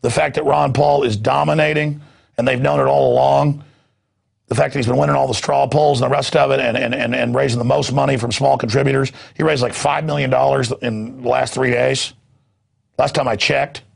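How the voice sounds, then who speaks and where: A man's voice: flat delivery, a little fast, vocal fry, slightly rough. A middle-aged man hosting a news show, delivering an impassioned political monologue with ranting outbursts. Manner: ranting, mocks others in shrill put-on voices.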